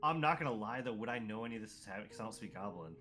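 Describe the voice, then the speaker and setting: A man's voice: fairly low pitch, lively intonation, very fast, a bit bright, soft background music. Casual young man playing a tabletop game. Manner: hesitant, casual, swears. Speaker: player.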